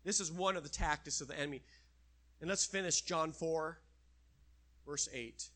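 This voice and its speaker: A man's voice: on the high side, normal speed, fairly bright tone. A man preaching a sermon, acting out quoted voices and dropping to a near whisper at times.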